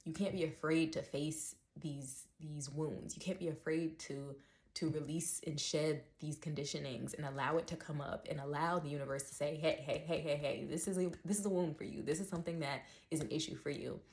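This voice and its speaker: Young adult woman, low voice, candid reflective vlog monologue. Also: steady tone, a little fast, darkish tone. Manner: candid, emotional, uses many "like" fillers and quoted self-talk. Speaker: channel host.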